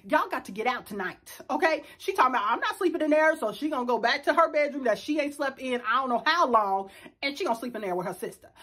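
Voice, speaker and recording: A middle-aged woman, telling a dramatic story in casual chat to her viewers. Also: high voice. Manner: animated, dramatic storyteller addressing viewers as y'all. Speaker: vlogger.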